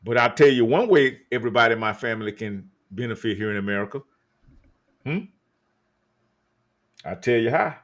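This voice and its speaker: Guy hosting a live stream over call audio, mid pitch, emphatic, lots of uh's and dragged words. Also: quick pace, fairly bright tone. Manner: emphatic, drawn out, many uh fillers. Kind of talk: casual live-stream talk.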